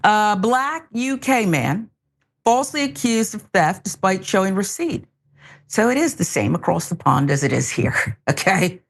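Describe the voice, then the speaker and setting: A woman hosting a live stream show, chatting casually and reading viewer comments with playful laughter. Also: medium pitch. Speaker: show host.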